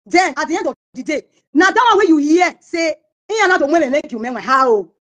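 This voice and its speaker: A woman's voice: high-pitched, animated, a little fast, a bit bright. A Nigerian woman singer in an interview, telling a story and acting out the words of the people in it. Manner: acts out quoted voices of others while telling stories.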